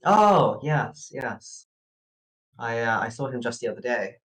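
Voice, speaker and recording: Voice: mid-range voice, very animated, measured pace, low-quality recording. A player voicing a flustered, evasive male professor who stammers and hesitates. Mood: hesitant. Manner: hesitant, full of stammers and fillers.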